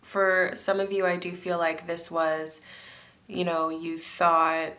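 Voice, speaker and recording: A woman's voice: on the low side, flat delivery, slow, fairly bright tone. A woman from France giving a pick-a-card tarot reading, chatty and musing, often thinking aloud with fillers and restarts. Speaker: tarot reader.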